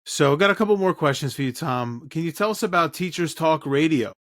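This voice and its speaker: A man's voice: a little high, fairly quick, fairly bright tone, no room sound, clean studio sound. A man hosting an interview podcast, earnest and encouraging as he talks about leadership. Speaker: podcast host. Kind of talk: conversational interview.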